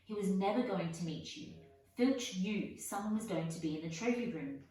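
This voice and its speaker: A woman voicing a bossy, clever young schoolgirl with a sharp, know-it-all manner, recorded in an echoey room from far off. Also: medium pitch, normal speed, lightly acted.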